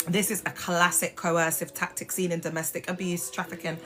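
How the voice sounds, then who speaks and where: A woman's voice: fairly low pitch, little pitch movement, fairly quick, a bit bright, faint music behind. A woman talking bluntly and sassily on a phone live stream, swearing freely. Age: adult mother. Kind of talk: casual live stream talk.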